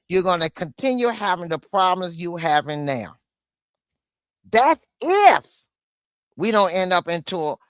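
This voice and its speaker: A woman livestreaming an angry political rant, blunt and swearing, with a slow, deliberate delivery. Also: on the low side, a bit bright, dry recording, clean studio sound.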